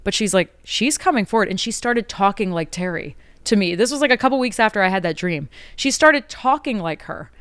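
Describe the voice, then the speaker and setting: Woman podcaster rambling casually, lots of "like", smooth lowish voice, dry close sound. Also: expressive, fairly quick, few pauses, a bit bright, dry recording. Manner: chatty, rambling, heavy on "like", frequent self-corrections. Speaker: podcast host. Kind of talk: casual spiritual monologue.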